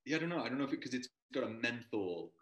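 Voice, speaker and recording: A man's voice: medium pitch, expressive, racing, reverberant, rough recording. A middle-aged man, an actor guest, telling long rambling anecdotes in a casual interview. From Montana and London. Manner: rambling anecdotes, acts out quoted voices.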